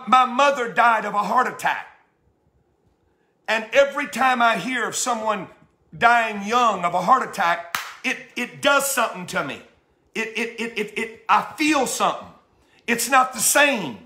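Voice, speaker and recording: High, bright-voiced man preaching fervently. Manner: fervent, stammering repetitions, rhetorical questions. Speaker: bishop preaching. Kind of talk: impassioned sermon. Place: church. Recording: echoey church sanctuary.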